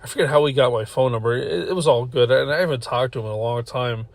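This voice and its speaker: A man's voice: medium pitch, quick pace, vocal fry, no room sound. A man hosting a podcast, telling a long personal story in a rambling, profane way, often restarting sentences. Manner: rambling, profane, self-interrupting, laughs while telling. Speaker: podcast host. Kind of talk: casual storytelling.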